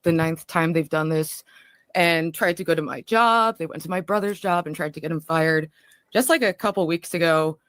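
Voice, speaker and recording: A woman's voice: low-pitched, normal speed, fairly bright tone, no echo, studio quality. A woman talking casually on her livestream, scattered and rambling.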